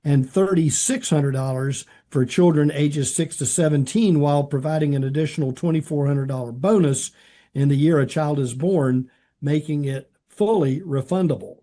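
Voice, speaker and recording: A man's voice: on the high side, normal speed, mellow. A man co-hosting a talk show, explaining policy details in a hesitant way with many fillers. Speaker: podcast co-host. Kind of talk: conversational policy commentary.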